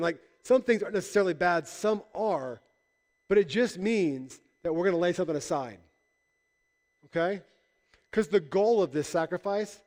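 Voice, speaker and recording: A man's voice: fairly high pitch, a little mellow, long reverb tail. A man preaching a casual sermon as pastor, conversational and joking, acting out voices in the stories he tells. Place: church hall.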